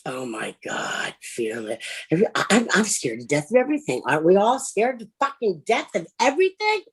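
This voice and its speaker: A woman doing improvised stand-up on a livestream, brash and profane, swinging from loud outbursts to low mutters. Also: sing-song, fairly quick, husky. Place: home, over a livestream.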